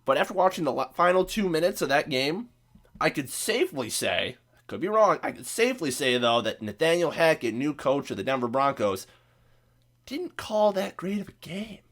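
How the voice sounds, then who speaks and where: Midwestern guy with a cold, voice cracking, fired-up sarcastic sports rant, a touch high-pitched. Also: moderate pace. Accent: Midwestern American. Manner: profane, sarcastic, animated ranting. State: sick, voice cracking. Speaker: podcast host.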